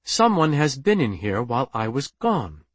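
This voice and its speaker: A man's voice: mid-range voice, big pitch swings, moderate pace, breathy edge, dry recording. A man voicing a tense, proud male alien officer who speaks in a clipped, stiff and indignant way.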